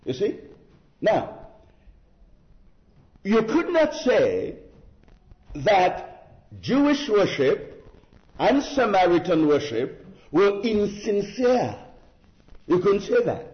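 A man preaching a sermon in a slow, deliberate, emphatic way, with rhetorical asides to his listeners. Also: high-pitched, big pitch swings. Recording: muffled lo-fi sermon recording.

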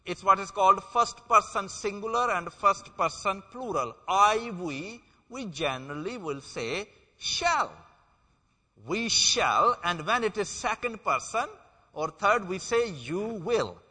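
A man preaches a sermon in a church, his voice high and very bright. He speaks slowly and deliberately, leaning hard on key words. A long reverb from the hall trails after each phrase. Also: lively intonation. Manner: emphatic, slow and deliberate, stressing key words.

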